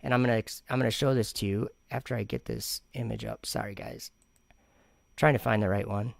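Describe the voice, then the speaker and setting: A man's voice: on the low side, fairly even intonation, fairly quick, gravelly, no echo, studio quality. A man hosting a commentary vlog, reacting to comments in an argumentative, sarcastic way and rambling with frequent restarts. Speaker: channel host.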